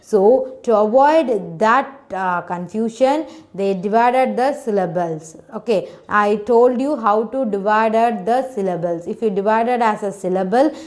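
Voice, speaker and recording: With a medium-pitched, slightly mellow voice, a woman teacher works through an online phonics class for kids. Patient and repetitive, she sounds out letters, words and syllables, frequently saying "okay."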